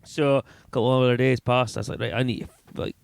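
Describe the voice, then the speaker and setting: A man's voice: mid-range voice, fairly even intonation, quick pace, creaky, clean tone, no echo. A man co-hosting a podcast, telling an embarrassing story about himself in a sheepish, self-mocking way and laughing as he goes. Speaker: podcast co-host. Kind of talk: comedic personal anecdote.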